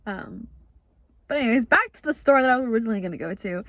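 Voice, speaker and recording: A young woman hosts her own podcast, telling a personal story in a chatty, confessional way, saying "like" a lot and often acting out what she said back then. Her fairly high voice is fast with lively intonation. The recording is dry and studio quality.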